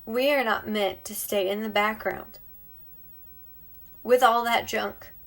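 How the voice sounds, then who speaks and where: A woman's voice: medium pitch, steady tone, slow pace, a bit bright. A woman talking heartfelt and encouraging on a live stream from home, sometimes dropping to a near-whisper. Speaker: beauty vlogger. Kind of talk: emotional live-stream monologue.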